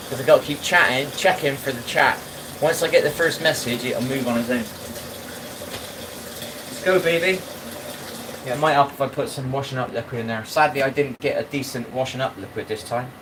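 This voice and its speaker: A man's voice: medium pitch, background noise. A man chatting bluntly with his live chat while washing up, often asking if you know what he means. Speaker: live streamer. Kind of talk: casual live-stream chat.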